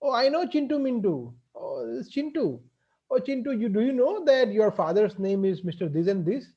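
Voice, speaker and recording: A man's voice: high voice, very animated, normal speed, dark tone, husky, muffled recording, voice pushed up, exaggerated voice. A man voicing a cheerful, helpful male passerby who speaks in eager exclamations.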